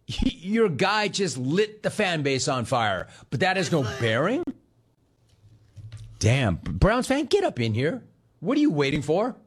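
A man's voice: fairly high pitch, big pitch swings, a little slow, breathy edge. Heated, sarcastic man ranting on sports. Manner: sarcastic, heated, mocks the player in put-on voices. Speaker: sports talk host. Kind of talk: sports radio rant.

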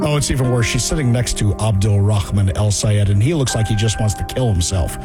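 A man's voice: mid-range voice, big pitch swings, normal speed, music in the background. A man hosting a political talk radio show, sarcastic and mocking in his commentary.

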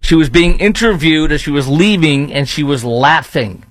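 A man's voice: fairly high pitch, animated, normal speed, dry recording, poor audio. A man with a Chicago accent hosting a blunt, scornful opinion commentary, rambling with fillers between points. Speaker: commentary host.

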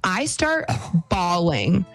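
A woman co-hosting a radio show, telling a personal story in an animated, dramatic way. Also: lowish voice, extremely slow, vocal fry, soft background music. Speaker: radio co-host.

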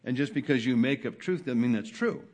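Male pastor preaching to his congregation; stumbles and repeats, then builds to loud emphatic peaks. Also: animated, fairly quick. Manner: builds from soft, low asides to loud, high emphatic peaks; frequent hesitations and repeated words. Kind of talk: sermon.

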